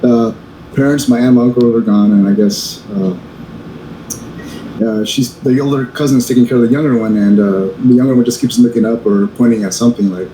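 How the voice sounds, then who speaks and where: A man's voice: mid-range voice, fairly even intonation, warm tone. A man co-hosting a podcast, chatting casually with a lot of restarts and fillers. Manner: halting, many restarts and fillers. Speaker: podcast co-host. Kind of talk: casual chat. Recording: echoey room with faint noise.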